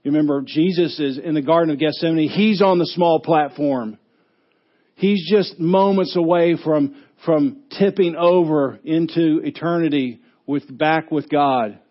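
A man preaching a sermon as pastor, who rises to a shout when he acts out a yelling coach. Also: a little high, unhurried, lo-fi sound.

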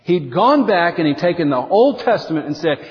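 A man preaching a sermon as pastor, animated, acting out quotes with big swings in pitch. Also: normal speed. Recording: dull lo-fi sound with long hall reverb.

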